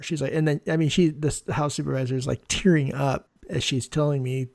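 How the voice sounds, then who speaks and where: Gravelly-voiced man telling hospital stories. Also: on the high side, brisk, no echo, studio quality. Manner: animated storyteller, quotes people in dialogue. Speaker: podcast host, ER nurse. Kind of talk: conversational interview storytelling.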